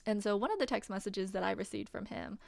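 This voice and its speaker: A woman's voice: mid-range voice, quick pace, gravelly, no echo. A woman telling a personal story in a casual, wry way, full of fillers. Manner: chatty, wry, many fillers and laughs.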